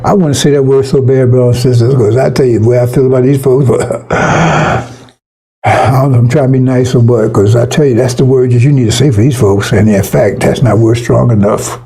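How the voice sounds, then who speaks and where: A man's voice: medium pitch, fairly even intonation, a little fast, mellow, breathy edge, low-quality recording. A man preaching an informal, fiery sermon to his congregation, emphatic and profane, often stumbling and restarting his words.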